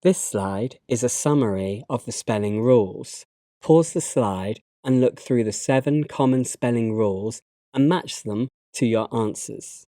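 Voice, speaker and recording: A man with a British English accent, narrating a slide lesson and giving learners instructions in a measured, instructive way. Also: mid-range voice, dark tone, no room sound, studio quality. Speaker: English teacher.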